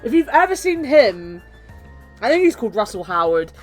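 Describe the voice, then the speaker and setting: A woman's voice: fairly high pitch, big pitch swings, normal speed, faint music behind. A young woman from the West Country with a mild British accent, rambling and laughing as she chats with her stream viewers. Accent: mild British, light West Country. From West Country, England. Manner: rambling, chatty, laughs often. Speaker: game streamer. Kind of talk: casual chat with stream viewers.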